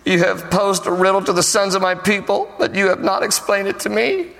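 A man's voice: high voice, steady tone, brisk, vocal fry, a bit bright. A man doing a weepy, whining young wife. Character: tearful young wife pleading with her husband. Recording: long reverb of a large hall.

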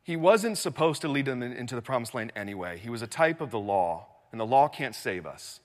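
A man preaching a sermon, telling the story with animation and dropping from loud passages to hushed ones. His voice sits in a middle pitch. It rings out with the long reverb of a large church sanctuary. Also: lively intonation, fairly quick. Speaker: pastor.

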